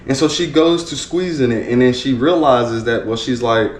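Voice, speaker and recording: A man's voice: mid-range voice, normal speed, few pauses, slight background noise. A man working as a motivational speaker, telling a story in an earnest, repetitive way with many restarts. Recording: roomy echo with faint ambience.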